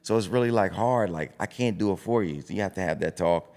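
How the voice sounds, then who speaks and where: A man's voice: low-pitched, fast. A middle-aged man, a boxing coach, talking bluntly and animatedly in a casual podcast conversation. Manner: blunt, animated, acts out voices of self-talk.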